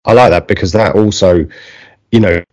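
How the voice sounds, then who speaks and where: A man with an Essex accent hosting a casual interview, chatty and relaxed with plenty of fillers. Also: low-pitched, normal speed, dry recording, clean studio sound. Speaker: podcast host.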